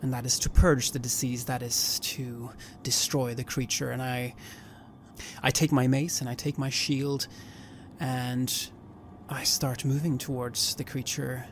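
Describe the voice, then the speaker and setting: A man voicing his cleric in a tabletop game, slow and measured, with a level, flat delivery. He speaks solemnly and sometimes restarts a phrase. A faint hiss of noise sits behind him. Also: mid-range voice. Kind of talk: tabletop role-play, in and out of character.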